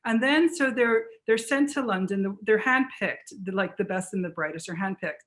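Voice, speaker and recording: Animated woman author telling history. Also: mid-range voice. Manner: animated, fast storytelling with restarts. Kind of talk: book talk conversation.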